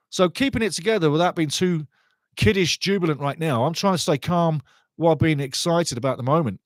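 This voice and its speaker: A man's voice: on the high side, a little fast, no echo. Passionate man commentating football. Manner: passionate, chatty, talks to viewers, shouts at goals. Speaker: football watch-along commentator. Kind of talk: excitable live match commentary.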